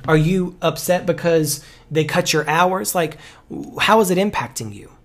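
A man's voice: on the high side, moderate pace. A man speaking as a life coach on a podcast, preachy and emphatic, repeating key phrases. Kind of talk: motivational podcast talk.

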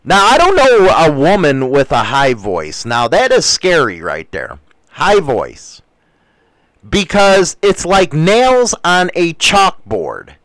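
A man's voice: a little high, wildly swooping pitch, slow, a bit bright, no room sound. A man hosting a casual livestream, rambling through crude, profane jokes while reading from the chat.

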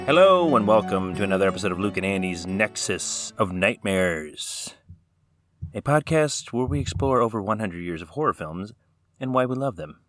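A man's voice: on the low side, expressive, moderate pace, music in the background. A man hosting a horror movie podcast, chatting casually with many fillers and restarts. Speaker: podcast host. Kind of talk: casual chat.

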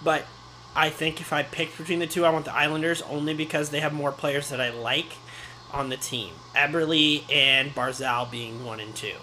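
Young podcast co-host with a bright, sharp tone, dry and teasing, slightly high voice. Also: male voice, fairly even intonation, moderate pace, slight background noise, low-quality recording. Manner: dry, teasing, matter-of-fact. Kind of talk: casual sports chat.

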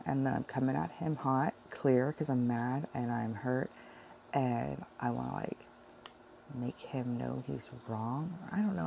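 A woman chatting casually about her Bible devotions, rambling and correcting herself often, with a heavy vocal fry. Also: extremely low pitch, mellow, a little hiss or hum, rough recording. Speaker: vlogger sharing Bible devotions.

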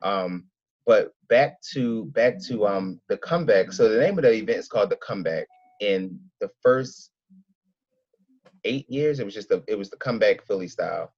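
A man from Philadelphia, an event organizer, telling his story in a casual interview, rambling and excitable with many restarts. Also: fairly low pitch, moderate pace, slightly rough, dry recording, highs cut off.

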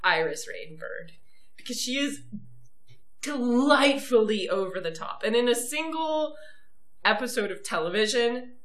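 A woman hosting a podcast in casual chat, enthusiastic and quick to laugh. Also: a little high, expressive, a bit bright, reverberant. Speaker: podcast host.

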